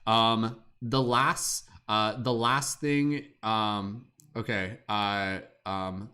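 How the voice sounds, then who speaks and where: A man's voice: on the low side, steady tone, very slow, sharp tone. Young male host, casual and rambling, lots of fillers and self-corrections. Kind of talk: casual improv game hosting.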